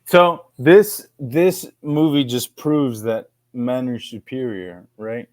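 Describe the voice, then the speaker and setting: A man's voice: medium pitch, takes it slowly, no room sound. A man co-hosting a casual film podcast, talking in a brash, playfully provocative way with plenty of swearing. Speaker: podcast co-host. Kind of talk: casual chat.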